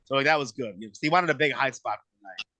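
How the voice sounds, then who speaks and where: A man in his thirties telling a casual story, animated and profane, acting out quotes in exaggerated voices. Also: mid-range voice, very fast, dry recording. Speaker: podcast guest telling a wrestling story.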